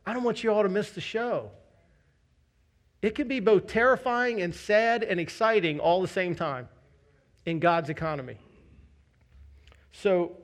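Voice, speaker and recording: A man preaching a sermon as the pastor of a church, telling a candid personal story with self-deprecating humor. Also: a little high.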